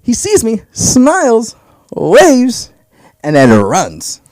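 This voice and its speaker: A man's voice: extremely high pitch, huge pitch swings, extremely slow, darkish tone, no echo. A young man telling crude, brash stand-up stories about his family on a comedy club stage. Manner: brash storytelling, crude punchlines.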